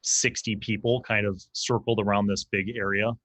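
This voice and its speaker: A man's voice: fairly low pitch, flat delivery, normal speed, fairly bright tone, no room sound. A man narrating as dungeon master, talking loosely and filling his lines with "like". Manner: loose, rambling narration full of "like". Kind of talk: narrating a tabletop game.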